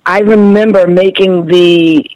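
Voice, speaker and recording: A woman's voice: lowish voice, fairly even intonation, slow, darkish tone, no echo, low-quality recording. A woman sharing a personal faith testimony on a podcast, earnest and emotional, with much repetition.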